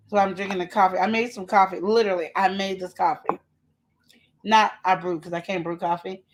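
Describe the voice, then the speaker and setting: A woman's voice: medium pitch, fairly even intonation, normal speed, pauses often. A woman hosting a casual live show, chatting and teasing as she talks straight to her viewers. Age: adult with a child. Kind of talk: casual live-stream chat.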